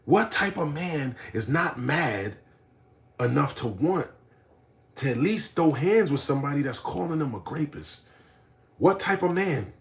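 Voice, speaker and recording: A man ranting on a livestream, animated and profane, swinging between low mutters and shouting. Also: a little slow. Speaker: streamer. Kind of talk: livestream rant.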